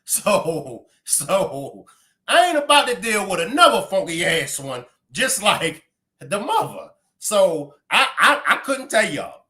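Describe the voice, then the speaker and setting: A man's voice: sits high, sharp tone. A man with a Baltimore accent, hosting a livestream with blunt, profane, fiery commentary. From Baltimore, USA. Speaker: livestream host.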